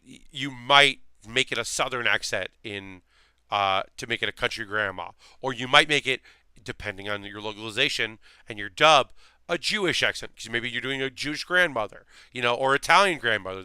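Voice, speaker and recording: Bright, rambling male streamer. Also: mid-range voice, moderate pace, clean tone, no echo. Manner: rambling, many fillers and restarts. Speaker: streamer building a model kit. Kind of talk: casual chat while building.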